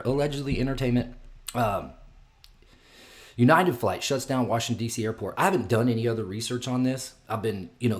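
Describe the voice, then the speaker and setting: A man giving casual, rambling reaction commentary on news clips, with frequent restarts and sighs. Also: mid-range voice.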